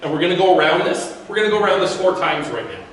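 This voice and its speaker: A man's voice: high-pitched, rapid-fire, fairly bright tone. Man speaking in an echoey room. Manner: conversational, with frequent restarts and repeated words. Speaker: guest speaker. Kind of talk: live talk to a business audience. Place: event room at a networking event. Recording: echoey room from far off with faint background noise.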